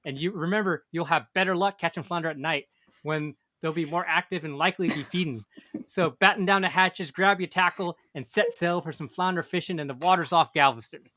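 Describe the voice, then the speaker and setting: A man's voice: on the high side, a little fast, bright, forceful tone, dry recording, clean studio sound, voice pushed up. A man doing a playful pirate voice, reading out a fishing forecast in swaggering pirate talk.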